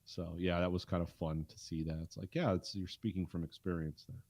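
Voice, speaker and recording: Low-voiced man in casual podcast chat. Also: fairly even intonation, a little fast, darkish tone, no echo. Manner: rambling, conversational, with frequent fillers. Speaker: podcast co-host. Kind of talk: casual chat recapping a TV episode.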